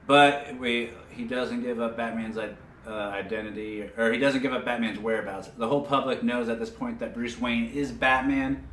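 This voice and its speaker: A man retells a cartoon episode in a casual, animated way, with plenty of filler words. He sits back from the mic, so his voice sounds a little distant. His voice bounces around a roomy space, with faint background hiss. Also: mid-range voice, moderate pace, hardly any pauses. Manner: animated storyteller with frequent fillers. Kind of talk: casual spoken episode recap.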